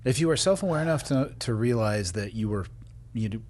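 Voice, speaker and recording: A man's voice: lowish voice, expressive, fairly quick, a little mellow, slight background noise. A man hosting a podcast interview, asking blunt, challenging questions in a conversational way. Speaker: podcast host.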